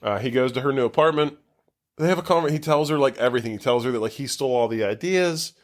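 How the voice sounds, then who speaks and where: A man's voice: mid-range voice, fast talker. A man co-hosting a podcast, casually recapping a movie plot in a rambling way, swearing freely and saying "like" constantly. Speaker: podcast co-host.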